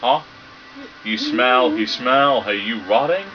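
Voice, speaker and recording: A man's voice: medium pitch, background noise. A British man reading game dialogue aloud and joking and swearing through a let's play. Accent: British English. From Britain. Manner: sweary, joking, does quick silly voices for characters. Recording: dull lo-fi sound with game music behind. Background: game music.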